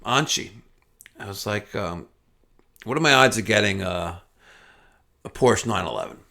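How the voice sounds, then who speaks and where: A man hosting a casual car vlog with a fairly low voice. He talks in a loose, rambling way, doubling back and repeating himself as he tells his story to viewers. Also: animated, measured pace, vocal fry, bright, forceful tone. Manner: chatty, rambling, repeats words. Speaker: car vlogger.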